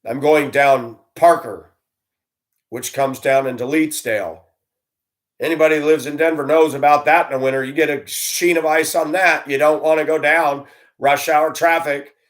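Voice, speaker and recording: A man telling stories about his years as a school bus driver, blunt and animated, acting out the voices he quotes. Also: fairly high pitch, normal speed. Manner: blunt, plain-spoken. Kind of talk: storytelling monologue.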